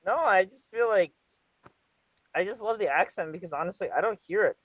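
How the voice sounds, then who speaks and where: A man's voice: sits high, lively intonation, a little fast, over a noisy crowd, low-quality recording. A man hosting a casual, flirty interview, teasing his guest and laughing often. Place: California.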